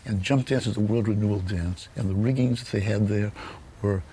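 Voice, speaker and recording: A man's voice: on the low side, brisk, warm tone, a little hiss or hum. An older man telling stories in a weak, unsteady voice that often stutters and repeats words, his speech affected by Parkinson's. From United States. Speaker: author and publisher. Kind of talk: personal storytelling to camera.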